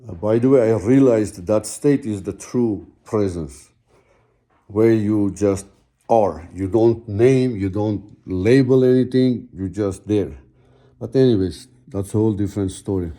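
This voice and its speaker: A middle-aged man telling a personal story slowly and haltingly, searching for words with many fillers. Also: on the low side, mellow. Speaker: guest telling his own story.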